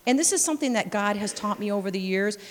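A woman's voice: medium pitch, quick pace. A woman missionary giving a sermon full of personal stories, acting out scenes and exclaiming praise. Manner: lively storyteller, acts out scenes, exclaims praise. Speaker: missionary speaker. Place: church sanctuary. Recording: long reverb of a large church hall.

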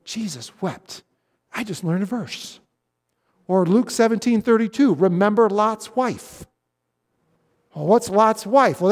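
A male pastor preaching a sermon, animated and full of questions, swinging between loud appeals and hushed asides. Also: sits high. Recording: long hall reverb.

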